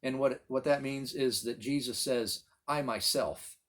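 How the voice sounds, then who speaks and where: A man's voice: mid-range voice, steady tone, moderate pace. A man leading a Bible study as pastor, teaching in an earnest, emphatic way.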